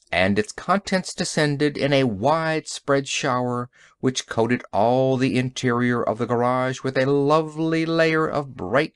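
A man with a mid-range voice narrates a science fiction audiobook, using an expressive storytelling delivery. The recording has no echo.

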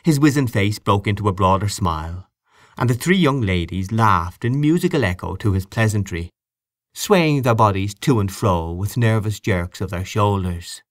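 A man narrating a literary audiobook in a measured, expressive way. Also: fairly low pitch, no room sound, clean studio sound. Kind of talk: audiobook reading of literary fiction.

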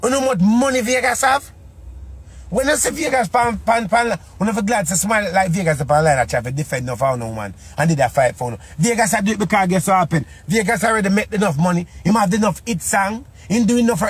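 A man's voice: sits high, breathy edge, no room sound. A man with a Jamaican Patois accent giving a casual monologue, full of repeated rhetorical questions.

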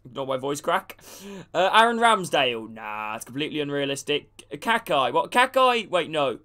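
A man's voice: a little high, big pitch swings, moderate pace, pushed and bright. A man casually commentating a game stream, chatting with viewers and calling them by name. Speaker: gaming streamer.

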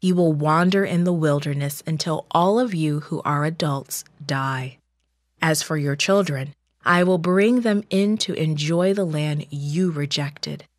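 Woman narrator as a stern divine voice, solemn, slow and low. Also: dry recording, clean studio sound. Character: God speaking in judgment.

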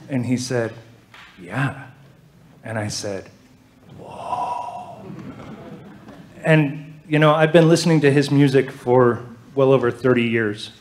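A man hosting a live studio event, introducing performers in an earnest, halting way with fillers. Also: medium pitch, a little hiss or hum. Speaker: event host. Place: TV studio before a live audience.

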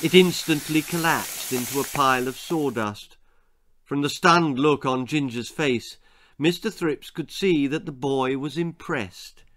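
A man reading his own spooky children's story aloud with unhurried, dramatic delivery. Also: medium pitch, fairly bright tone.

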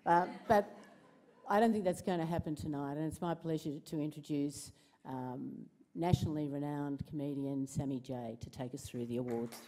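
A woman's voice: deep voice, normal speed, warm tone, slight background noise. A woman introducing the evening's comedian at an awards event, hesitant and full of fillers.

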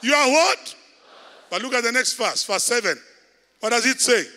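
A man with a Kenyan accent, a bishop preaching a loud sermon and calling out to the congregation in a large church. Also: extremely high pitch, fairly quick. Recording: echoey church hall.

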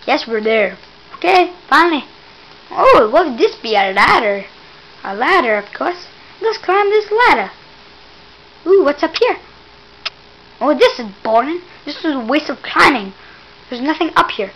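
A woman giving casual gameplay commentary, excitable and teasing, exclaiming again and again and mock-scolding the player. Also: high-pitched, unhurried, pauses often, low-quality recording.

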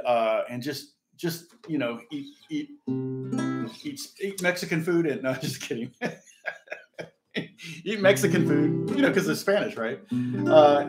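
Chatty older man teaching guitar. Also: a little high. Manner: rambling, chatty, answers viewers' comments. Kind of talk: casual live-streamed guitar lesson. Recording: echoey room with guitar playing.

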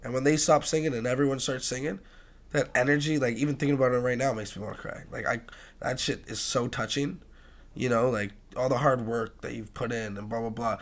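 Young guy on a podcast, swears a lot, goes from quiet to loud laughing stories. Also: medium pitch, fairly quick. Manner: animated storyteller, swears freely, swings from soft to loud laughing bursts. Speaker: guest, music producer and tattoo artist. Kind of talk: casual podcast chat.

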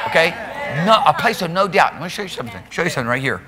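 A man preaching a lively evening sermon as pastor, laughing and acting out the people in his story. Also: fairly high pitch, rapid-fire, crowd noise. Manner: animated preaching, laughing, mimicking voices. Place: church sanctuary. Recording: long hall reverb.

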